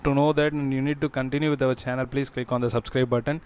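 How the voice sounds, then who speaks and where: Male host, smooth even-pitched voice, explains a screen walkthrough haltingly with lots of pauses. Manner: halting, with frequent fillers and restarts. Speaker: job-listings channel host.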